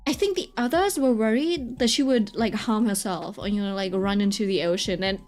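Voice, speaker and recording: A woman's voice: mid-range voice, fairly quick, a little mellow, faint music behind. A woman streamer telling a story in a casual, rambling way, full of fillers and constant "right?" check-ins. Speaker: streamer chatting while drawing.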